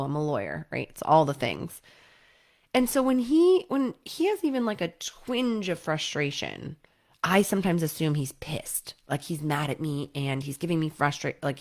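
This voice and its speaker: A woman, a lawyer, giving casual relationship advice to camera in a conversational way, often checking in with "right?" and acting out quotes. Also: fairly low pitch. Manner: lively, acts out quoted partners.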